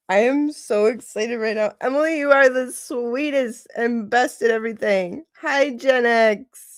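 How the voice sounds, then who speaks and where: A woman hosting a casual livestream, gushing and excitable, gasping and laughing often. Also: on the high side, measured pace, no room sound, studio quality. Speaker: livestream host.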